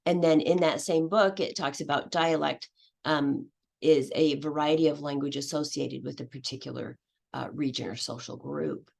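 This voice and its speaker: A woman's voice: sits low, steady tone, normal speed, gravelly, a little mellow. A middle-aged woman, an English language teacher, giving a conference presentation in a hesitant way, with many fillers and restarts.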